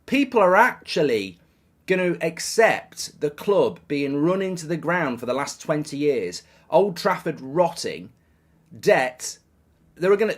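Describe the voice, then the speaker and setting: Man, ranting monologue, sarcastic, exasperated, fairly high voice. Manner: exasperated, sarcastic, repeats words when worked up. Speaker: football fan commentator.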